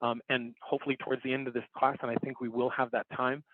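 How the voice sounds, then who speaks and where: A man's voice: mid-range voice, flat delivery, fast, no room sound. A man teaching an online workshop, explaining step by step and repeating key points in a casual, upbeat way while he demonstrates on screen. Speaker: workshop instructor. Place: home recording setup. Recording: dry, phone-like online call audio.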